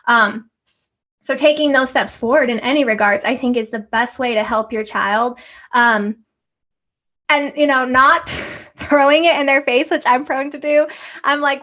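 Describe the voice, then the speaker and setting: A woman's voice: high-pitched, measured pace, sharp tone. A woman co-hosting a casual podcast chat, speaking animatedly and acting out talks with her kids. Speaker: podcast co-host. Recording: dull lo-fi audio.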